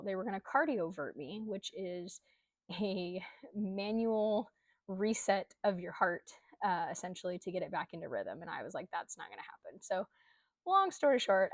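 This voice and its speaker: Speaking in an ordinary middle pitch, a young adult coach candidly shares a personal experience in a conversational storytelling vlog, full of ums and likes. The sound is close and dry, without any room echo.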